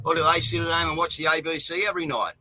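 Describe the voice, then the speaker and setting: A man's voice: fairly high pitch, racing, sharp tone, dry recording, soft background music, low-quality recording. An Australian man ranting in a casual online chat show, swearing and fired up.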